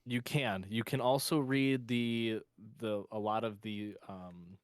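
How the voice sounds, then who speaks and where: A man co-hosting a casual podcast, talking in a rambling, excited way as a fan. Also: lowish voice, clear, resonant tone, dry recording, studio quality. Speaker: podcast co-host.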